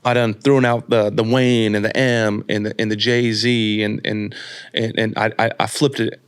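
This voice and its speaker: A man in his late thirties, a podcast guest telling his story in a casual, slangy, animated way and acting out the people he quotes. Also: on the low side, measured pace, clean tone. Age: 30s.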